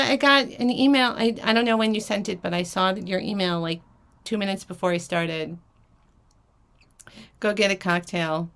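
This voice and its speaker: A woman's voice: medium pitch, moderate pace, a bit bright, clear, resonant tone. A woman hosting a live vintage jewelry auction stream, flustered and rambling, laughing often between fillers and restarts. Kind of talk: casual live-stream chat.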